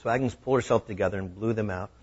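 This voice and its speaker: A man preaching a sermon, telling a story with animated voices. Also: on the low side, very fast, breathy edge. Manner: animated, acting out the scenes. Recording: dull lo-fi recording.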